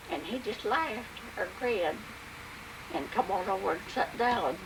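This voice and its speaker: An older woman telling a family story in an oral history interview, in a plain, unhurried way with frequent pauses and "and, uh". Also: medium pitch, animated, a little hiss or hum, rough recording.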